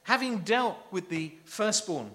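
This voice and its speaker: A man's voice: high-pitched, expressive, unhurried, pushed and bright. A man preaching a sermon, emphatic and full of rhetorical questions to his listeners.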